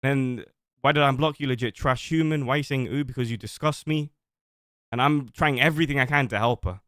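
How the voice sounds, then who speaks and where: A man's voice: mid-range voice, a little fast, a bit bright, no room sound, studio quality. A man on a livestream reading out old messages and defending himself, rambling at length. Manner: defensive, rambling, reads screenshots aloud. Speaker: streamer.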